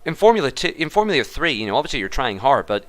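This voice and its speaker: A man's voice: medium pitch, very animated, fast. A man giving chatty, jokey commentary on a sim race.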